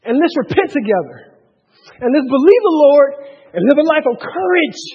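Male pastor, high voice, husky, dull echoey church-hall recording. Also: moderate pace. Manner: animated preaching that swings from shouting to hushed asides. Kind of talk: sermon.

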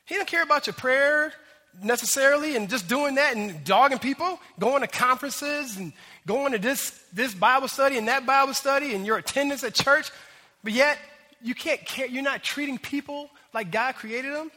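A man preaching a sermon in an animated, conversational way, talking straight to the congregation. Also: very high voice, moderate pace. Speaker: pastor. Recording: long hall reverb.

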